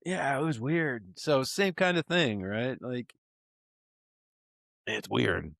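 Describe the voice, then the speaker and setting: A man's voice: mid-range voice, expressive, takes it slowly, gravelly, fairly bright tone, dry recording, clean studio sound. A man co-hosting a podcast, telling a profane story in casual chat. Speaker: podcast co-host.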